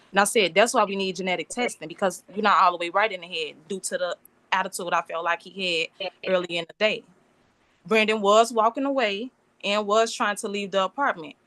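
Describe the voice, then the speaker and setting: A woman's voice: medium pitch, sharp tone, dry recording. A woman in her twenties making an emotional, rambling plea at a court hearing over a remote call. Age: 20s. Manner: emotional, pleading, run-on sentences. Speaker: alleged victim addressing a bond hearing.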